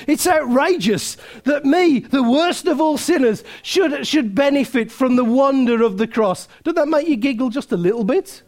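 A man preaching a sermon, emphatic, full of rhetorical questions and restarts. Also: very high voice.

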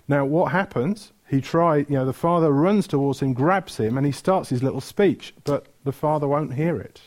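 A man's voice: fairly high pitch, normal speed, few pauses, darkish tone. A man preaching a sermon, retelling stories with energy, asking the room questions and correcting himself mid-flow.

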